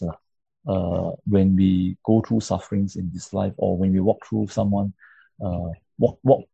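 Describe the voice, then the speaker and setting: A low, gravelly man leads a church class on grief and pastoral care, stopping often to check in with his listeners. His voice is husky and dark, with many fillers and restarts, and it comes through a dull, lo-fi recording. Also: dry recording. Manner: checks in often with tag questions like "right?"; halting, with many fillers and repeated words. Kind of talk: interactive lecture with slides.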